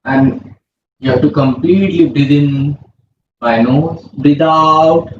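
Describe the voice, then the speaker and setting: A man leads a yoga session, pacing each breathing cue very slowly. His voice sits high for a man and comes from some distance off the mic. The sound is roomy and a little muffled, with a faint hum underneath. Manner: slow, calm breathing cues. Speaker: yoga instructor. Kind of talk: guided yoga instruction.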